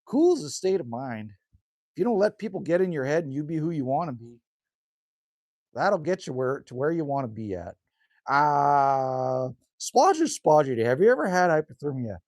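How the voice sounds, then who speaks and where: A middle-aged Canadian man with a folksy, chatty delivery, tacking on "hey?" and "man" as he talks with his live chat. His voice sits a bit high and swings widely in pitch, a little hoarse, and the sound is close and dry with no room echo. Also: sing-song, normal speed, a little mellow. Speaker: livestream host reading chat. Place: rural cabin indoors.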